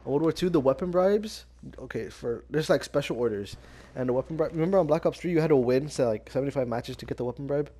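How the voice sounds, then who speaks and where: A young gaming channel host with a mellow, somewhat high voice talks at a quick pace. He chats casually while gaming with a friend, swearing often and laughing as he imitates his buddies.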